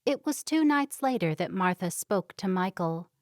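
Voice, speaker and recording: A woman's voice: medium pitch, expressive, normal speed, no room sound, clean studio sound. Woman reading a romance audiobook. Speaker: audiobook narrator. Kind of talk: scripted narration.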